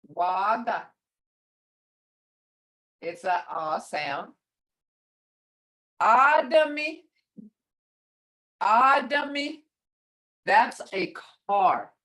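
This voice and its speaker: An older woman teaching a beginner language class over a video call, speaking slowly and patiently, often chuckling as she repeats each word. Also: medium pitch. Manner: slow, patient, repeats words to model sounds; chuckles often while explaining.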